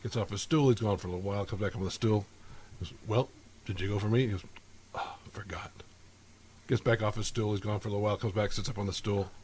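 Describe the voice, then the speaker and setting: A man's voice: fairly low pitch, rapid-fire, slight background noise. A man telling jokes as a guest in a casual podcast chat. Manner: joke teller with lively delivery.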